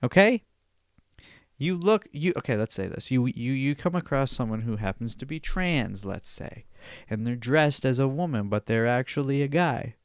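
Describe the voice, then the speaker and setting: A young man with a smooth, resonant voice, recorded dry and close, hosts a podcast by himself. He rants in a loose, profane way, often repeating and restarting his thoughts. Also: mid-range voice, dry recording. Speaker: podcast host. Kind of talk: solo podcast rant.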